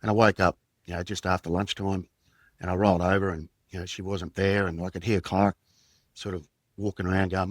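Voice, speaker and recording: A middle-aged Australian man, a podcast guest and former police detective, telling a personal story in a halting, reflective way with many fillers and restarts. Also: deep voice, little pitch movement, no echo.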